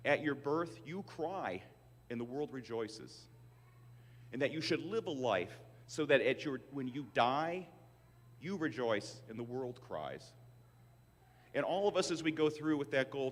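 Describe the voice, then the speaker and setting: Speaking to graduates in a large auditorium, a man in his sixties uses a mid-range voice with lively intonation and a moderate pace. His storytelling is wry and self-deprecating, heard through a PA with hall reverb.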